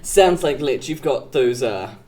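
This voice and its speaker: A man's voice: medium pitch, expressive, unhurried, a little mellow. A man streaming live, chatting casually with his viewers and teasing them, often breaking into giggles. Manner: giggly, breaks into frequent laughter; playful teasing, talks to chat by name.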